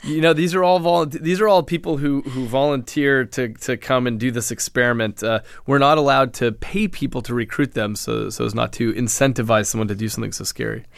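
Male scientist guest, measured explainer, mid-pitched, dry close recording. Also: creaky, no room sound. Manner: explanatory, measured, frequent restarts. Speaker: neuroscientist guest. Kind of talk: interview answers.

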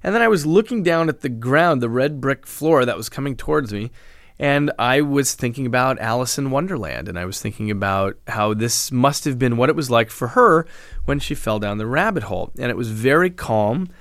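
A man, a neuroscientist guest in an interview, explaining his research in a measured way with frequent restarts. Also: medium pitch, animated, fairly bright tone, no room sound, studio quality. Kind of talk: interview answers.

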